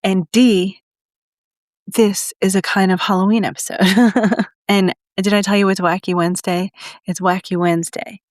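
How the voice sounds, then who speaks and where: A woman hosts her own podcast, chatting casually on her own while out of breath, giggling and rambling as she repeats herself. Her voice is medium-pitched and steady at a normal speed. The clean studio recording has no room sound.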